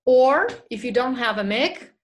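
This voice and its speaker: A woman's voice: fairly high pitch, animated, unhurried, slight background noise. A woman presenting a webinar, reading out audience questions and answering them in a chatty way with many fillers. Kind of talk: live webinar Q&A. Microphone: small video mic or phone.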